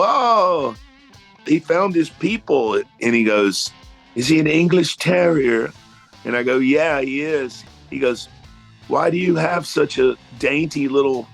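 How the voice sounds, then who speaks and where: A man at a middle pitch tells a backstage tale like he's at a bar with friends. His talk is loose and salted with curses. Faint music sits under the voice. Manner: animated storyteller, salty language. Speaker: guitarist telling a story. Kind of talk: casual anecdote.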